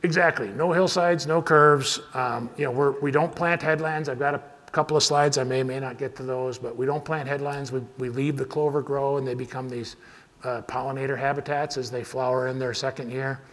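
A man's voice: medium pitch, fairly even intonation, brisk, a bit bright. Man talking shop in an echoing hall. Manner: casual, rambling, frequent restarts. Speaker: farmer giving a talk. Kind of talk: conference presentation with audience Q&A. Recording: hall reverb.

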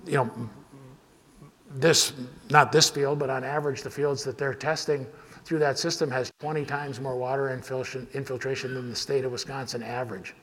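Farmer at a podium, loose and rambling, mid-pitched, hall echo. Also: male voice, steady tone, normal speed, fairly bright tone. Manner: casual, rambling, frequent restarts. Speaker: farmer giving a talk. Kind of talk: conference presentation with audience Q&A. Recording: hall reverb.

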